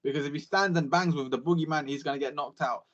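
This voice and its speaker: A young man talks boxing on a podcast, quick to swear and fond of repeating catchphrases. His voice sits a little high for a man. The recording sounds a bit dull and lo-fi. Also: a bit bright. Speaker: podcast co-host. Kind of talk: casual boxing chat.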